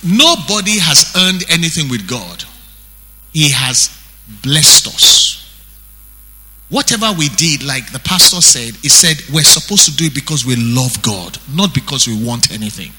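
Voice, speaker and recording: A male pastor with a Nigerian accent, preaching an animated sermon that acts out the scriptures he quotes. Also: mid-range voice, a little slow. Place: church hall. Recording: breathy voice in long hall reverb.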